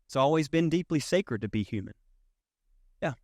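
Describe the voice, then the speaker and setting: A man's voice: a little high, animated, moderate pace, darkish tone, no echo, studio quality. A man preaching a sermon as pastor, conversational and emphatic, with rhetorical questions to the congregation. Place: church sanctuary.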